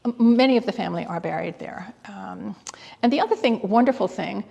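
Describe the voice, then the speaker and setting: Gravelly, breathy woman in a reverberant hall. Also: medium pitch, a little fast, mellow, muffled recording. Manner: enthusiastic, hesitant with many fillers and restarts. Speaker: guest curator. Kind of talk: interview. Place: exhibit hall.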